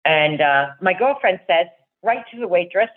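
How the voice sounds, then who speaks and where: A woman's voice: fairly low pitch, animated, moderate pace, husky. A middle-aged woman in casual chat, telling a rambling fan story and acting out the voices of the people in it. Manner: chatty storyteller, acts out quoted voices. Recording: tinny phone line.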